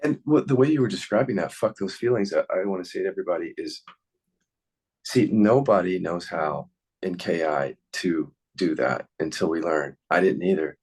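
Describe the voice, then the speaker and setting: A man's voice: low voice, moderate pace, darkish tone, slightly rough, poor audio. A man teaching on a podcast in an earnest, encouraging, plain-spoken way. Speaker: somatic inquiry teacher.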